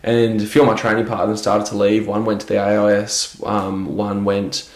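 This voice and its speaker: A man's voice: lowish voice, completely flat delivery, moderate pace. A man in a casual podcast chat, speaking in an easygoing, reflective way. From Adelaide, Australia. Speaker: podcast guest, athlete. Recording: echoey room.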